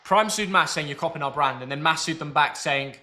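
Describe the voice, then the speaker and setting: A man's voice: a little high, fairly quick, bright, forceful tone. A young man, co-hosting a live football watchalong with playful, chatty banter. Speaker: co-host.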